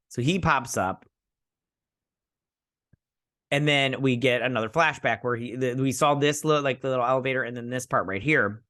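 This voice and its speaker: A man's voice: mid-range voice, moderate pace, long pauses, fairly bright tone. A man hosting a casual recap and review of a TV episode, rambling with lots of fillers and acting out the characters' lines.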